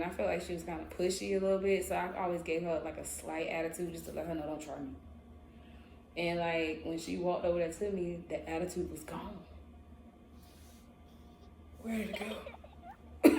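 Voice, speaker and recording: A young woman tells a story in a casual, slangy, animated way. Her voice sits a bit low. The sound is roomy, with a faint hum of ambience behind her. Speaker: vlogger.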